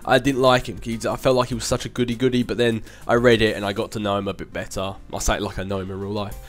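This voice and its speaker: Fast and flat, a young man with a fairly low pitch runs a casual Q&A on his channel, faint music behind him. He rambles chattily, laughs a lot, and fills gaps with hums.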